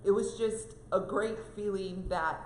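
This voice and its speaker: A woman's voice: medium pitch, a little slow, reverberant, slight background noise, poor audio. A woman co-hosting a casual devotional chat, telling a heartfelt story with many fillers. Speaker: co-host.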